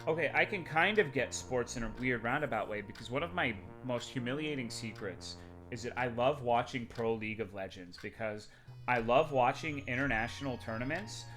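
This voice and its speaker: A man's voice: medium pitch, moderate pace, a bit bright, soft background music. A young adult man streaming live, chatting casually with his chat in a crude, rambling, sarcastic way.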